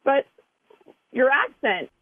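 A woman's voice: sits high, wildly swooping pitch, slow pace, no room sound. A woman calling in to a radio show, chatty and giggly. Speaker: caller. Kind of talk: phone call on radio. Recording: tinny phone line.

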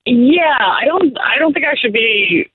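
A woman's voice: on the high side, expressive, a little slow, husky, no echo. Woman on a tinny phone line. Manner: embarrassed, nervous laughter. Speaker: caller. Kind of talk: phone call on air.

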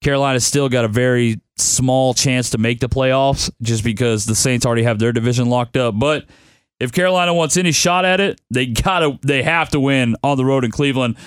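A man's voice: mid-range voice, brisk, smooth, dry recording. Tired, grumbling young man. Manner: laid-back, grumbling, tired. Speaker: podcast host picking football bets. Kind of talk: casual sports-betting podcast chat.

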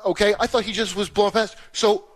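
A man's voice: high-pitched, steady tone, fast. A comedian defending his version of a story on a radio talk show, lecturing and defensive. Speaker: comedian guest. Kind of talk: heated argument on a radio show.

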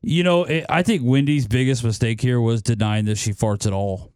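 A man's voice: medium pitch, steady tone, normal speed, a little mellow, smooth, no room sound, studio quality. A man co-hosting a radio show, trading blunt, joking banter in casual chat.

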